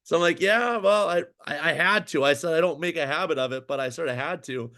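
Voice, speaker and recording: A man in casual interview talk, telling a rambling career story with many restarts and "um"s. His voice sits a little high for a man, and he tumbles from one point to the next in an animated way. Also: brisk. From Minnesota. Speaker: podcast guest, former pro goalie.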